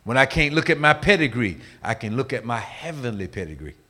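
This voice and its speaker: A man preaching a sermon, telling a story dramatically and swinging between hushed and loud delivery. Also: medium pitch, sing-song, fairly quick.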